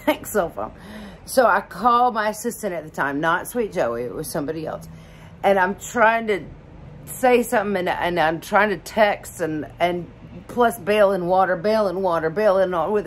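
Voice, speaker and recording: A woman's voice: mid-range voice, a little hiss or hum. A middle-aged woman from Alabama telling a story casually, rambling with lots of fillers and laughs. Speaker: vlogger.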